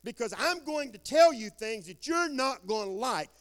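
A male preacher, spinning folksy stories and jokes into his sermon. His voice sits high for a man and swings widely in pitch, hushing for asides and swelling for emphasis. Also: animated, moderate pace. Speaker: guest preacher.

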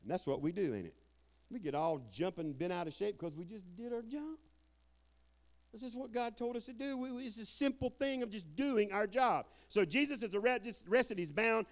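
An older man preaching a folksy sermon, calling out for amens and swinging between loud bursts and quiet asides. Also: high voice, normal speed. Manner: folksy Southern preaching, calls for amen, swings loud and soft.

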